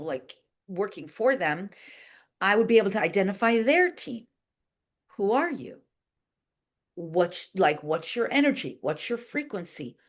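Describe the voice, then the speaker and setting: A woman being interviewed, telling a long story in a chatty, animated way, with lots of "like" and voices acted out in quotes. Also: medium pitch. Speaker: guest, channeler and animal communicator.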